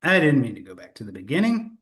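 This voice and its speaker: A man's voice: medium pitch, huge pitch swings, fast, fairly bright tone. A man hosting a live sales webinar, upbeat and chatty, correcting himself and laughing at his own slip-ups, speaking into a computer mic. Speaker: webinar host.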